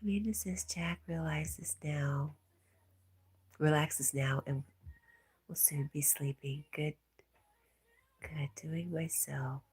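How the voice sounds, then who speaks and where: A woman hosting a livestream, reading out viewer comments in a casual, soft, often half-whispered way, with a stuffy nose. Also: low voice, fairly even intonation, takes it slowly, pauses often, slightly rough. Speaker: livestream host.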